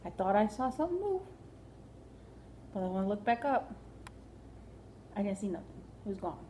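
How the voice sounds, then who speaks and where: A woman's voice: medium pitch, very animated, normal speed, warm tone, a little hiss or hum. A woman telling a comic story in a rambling way, full of fillers and "like". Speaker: comedian.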